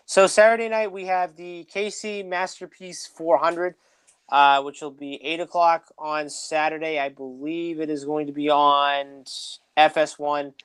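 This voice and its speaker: A man's voice: fairly high pitch, flat delivery, measured pace, fairly bright tone, smooth, no echo. A man co-hosting a casual motorsport podcast, running through a list with many "uh" fillers. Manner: reads off lists with frequent "uh" fillers. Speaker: podcast co-host. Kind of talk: casual sports podcast chat.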